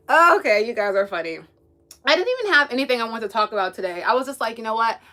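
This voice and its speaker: Bright-voiced chatty woman livestreaming. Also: a little high. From United States, East Coast. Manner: chatty, giggly, responds to viewer comments. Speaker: livestream host. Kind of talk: casual livestream chat reading comments.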